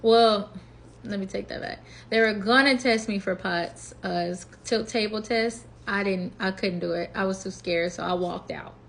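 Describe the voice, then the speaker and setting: A woman's voice: medium pitch, normal speed, creaky, slight background noise. A woman in her twenties telling a personal story in a casual, chatty vlog, acting out what she thought and said. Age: 20s. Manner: chatty, animated retelling with quoted inner voice. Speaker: vlogger.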